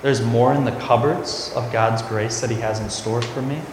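A priest giving a conversational homily, telling a family story before turning to scripture. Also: male voice, mid-range voice, steady tone, normal speed, background noise. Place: large church. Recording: echoey church recorded from afar.

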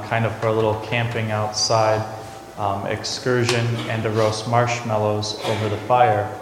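A priest giving a conversational homily, telling a family story before turning to scripture. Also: male voice, on the low side, slight background noise. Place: large church. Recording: echoey church recorded from afar.

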